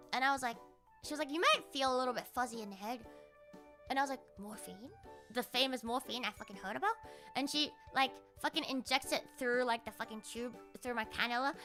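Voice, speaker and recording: A young woman streamer telling a story casually, animated and full of swearing, often laughing and mimicking other people. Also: high-pitched.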